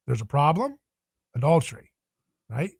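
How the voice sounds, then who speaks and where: A man's voice: a little high, big pitch swings, normal speed, gravelly, darkish tone, slightly rough, no room sound. A man speaking as a podcast guest in a passionate, emphatic, preaching tone. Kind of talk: podcast interview.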